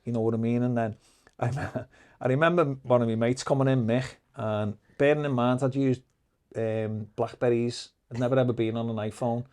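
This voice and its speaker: A middle-aged man, a podcast guest telling lively, profane anecdotes in casual storytelling. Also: medium pitch, normal speed. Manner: swears freely, lively anecdotes.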